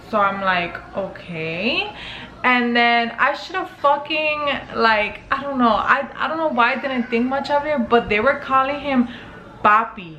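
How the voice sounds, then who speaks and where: Brief: young woman vlogger, chatty storyteller, bright forceful tone, roomy home echo. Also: fairly high pitch, a little slow, muffled recording, a little hiss or hum. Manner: chatty, filler-heavy, swears casually, acts out quotes. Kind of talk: casual storytelling to camera. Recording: echoey room with faint ambience.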